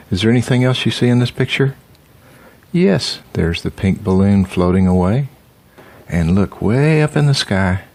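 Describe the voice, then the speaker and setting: A man's voice: sits low, darkish tone. An older grandfather reading a picture book aloud, stopping to ask the child about the pictures.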